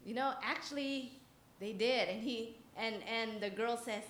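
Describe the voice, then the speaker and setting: In an echoey church hall with faint ambience and a little hiss or hum, a woman delivers a children's message. Her voice is on the high side, fairly bright and a little slow as she tells a story with chatty asides, laughs often and asks the audience questions.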